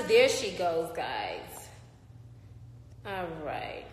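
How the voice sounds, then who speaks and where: A woman's voice: high voice, very animated, measured pace. A woman hosts a casual live stream from her phone, chatting playfully and calling out viewers by name. Her voice rings around a roomy space with a long reverb tail, and faint ambient noise sits underneath. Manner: chatty and playful, gives shout-outs to viewers. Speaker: host of an online live show.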